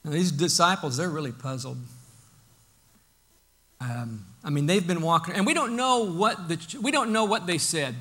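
Folksy, bright-voiced preacher man. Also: a little high, expressive, normal speed. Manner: conversational and folksy, with frequent restarts. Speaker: pastor. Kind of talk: sermon.

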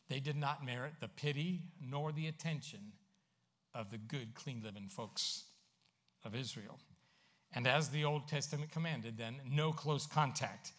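A man preaching a sermon as pastor, swinging from emphatic, loud lines to hushed asides. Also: medium pitch.

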